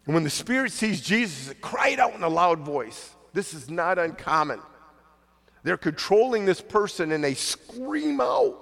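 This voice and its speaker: A man's voice: on the high side, big pitch swings, a little slow, vocal fry, fairly bright tone, big-room sound. A man preaching a conversational sermon as pastor, now and then acting out the voices of the people he quotes.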